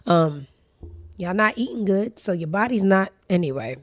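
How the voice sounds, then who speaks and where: A woman's voice: mid-range voice, expressive, moderate pace. A woman hosting a casual commentary show, sassy, blunt and profane, speaking. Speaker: host.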